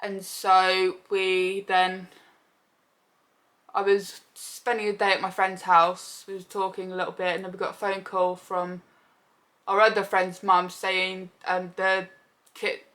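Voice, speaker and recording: A woman's voice: medium pitch, measured pace. A young woman, telling a personal story in a casual, chatty vlog and acting out what people said. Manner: chatty, animated retelling with quoted voices. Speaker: vlogger.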